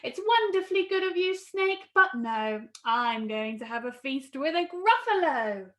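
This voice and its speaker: A woman's voice: sits high, animated, measured pace, a bit bright. A woman doing a clever little storybook mouse. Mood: boastful. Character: small clever boastful male mouse.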